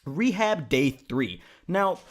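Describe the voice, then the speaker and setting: A man's voice: fairly high pitch, sing-song, slow. A young man recounting his own story on his vlog in a casual, joking manner, swearing freely. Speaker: YouTuber.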